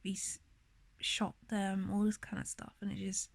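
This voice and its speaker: Young woman, emotional, near tears, rambling casual vlog, middle pitch, dry close sound. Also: flat delivery, moderate pace, creaky, no room sound. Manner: rambling, emotional, many fillers and laughs. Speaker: vlogger.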